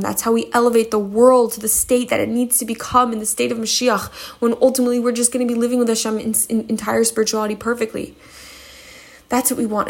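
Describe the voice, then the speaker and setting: A woman giving a spoken Torah lesson, passionate and emphatic, with sudden high bursts. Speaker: Torah class teacher.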